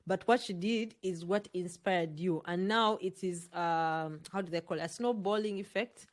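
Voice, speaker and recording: A woman's voice: fairly low pitch, moderate pace. A woman hosting a podcast in casual conversation, chatty and full of fillers. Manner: chatty, filler-heavy, many soft "mm" acknowledgements. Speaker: podcast host.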